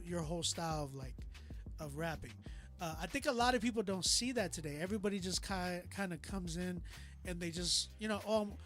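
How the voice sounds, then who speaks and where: A man with a fairly high voice talks through his notes on a track in a relaxed, emphatic way, often checking in with "you know what I'm saying". Faint music plays softly behind him. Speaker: music reviewer hosting a live stream. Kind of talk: casual live critique chat.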